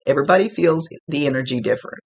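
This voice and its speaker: A man's voice: fairly high pitch, rapid-fire, vocal fry, husky. A man working as a psychic medium, talking casually and rambling as he relays messages aloud. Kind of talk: casual spirit reading.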